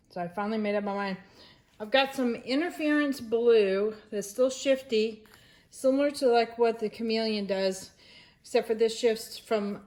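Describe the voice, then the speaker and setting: A woman's voice: medium pitch, darkish tone. A woman resin artist talking casually through a craft project, rambling and correcting herself as she thinks aloud.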